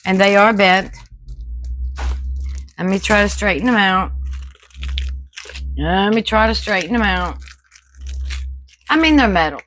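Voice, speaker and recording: A woman's voice: mid-range voice, animated, a little slow, long pauses, a bit bright, a little hiss or hum, low-quality recording. A woman, unboxing home decor at home in a casual, folksy chat with her viewers. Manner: chatty, folksy, talks to viewers as y'all.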